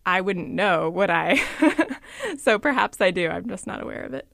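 Lively woman telling a story. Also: fairly low pitch, moderate pace, vocal fry, dry recording, studio quality. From suburbs of Washington, D.C. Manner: lively, storytelling, quotes others. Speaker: reporter. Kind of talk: conversational radio chat.

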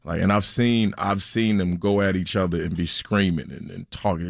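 A thirty-year-old comedian from Virginia talks in a low, animated, slangy way, tripping over quick restarts. His voice sits close and dry on the mic, with no room sound at all. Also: vocal fry, no room sound. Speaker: comedian guest. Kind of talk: casual interview chat.

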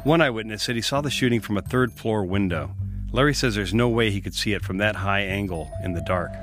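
Low-voiced male narrator over faint music. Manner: measured, matter-of-fact storytelling. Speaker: podcast host and reporter. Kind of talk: scripted narration and interviewing.

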